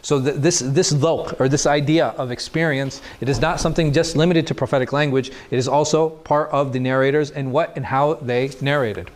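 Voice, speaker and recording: A man's voice: mid-range voice, steady tone, fairly quick, few pauses. A man lecturing a class, explaining things step by step and asking the students questions he then answers himself. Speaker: teacher. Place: mosque classroom.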